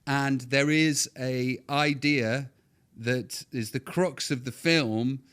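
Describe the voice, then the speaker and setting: Middle-aged guy rambling on a podcast, trips over his words, gets all excited. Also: medium pitch, clean tone. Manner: rambling, quick restarts, excitable. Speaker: guest. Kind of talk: casual podcast interview.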